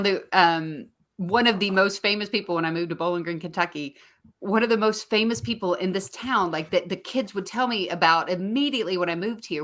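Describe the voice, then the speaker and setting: A woman hosting a podcast, chatting casually and nodding along with quick affirmations. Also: mid-range voice, pushed and bright. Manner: chatty, encouraging listener with frequent affirmations. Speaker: podcast host. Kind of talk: casual chat.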